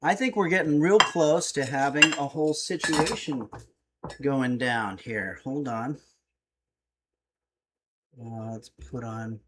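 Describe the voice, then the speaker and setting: A man with a medium-pitched, slightly bright voice speaks slowly, leaving long pauses, over faint background noise. He's hosting a cooking livestream from his home kitchen, reading viewer comments aloud in a loose, rambling, easygoing way packed with fillers.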